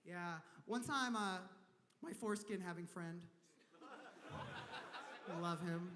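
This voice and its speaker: A man with a high, light voice rambles through a crude stand-up set, slipping in and out of little character voices. He is on a big convention stage, and his words ring out into a long hall reverb. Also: slow pace, noisy background. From Kentucky, US. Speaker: stand-up comedian.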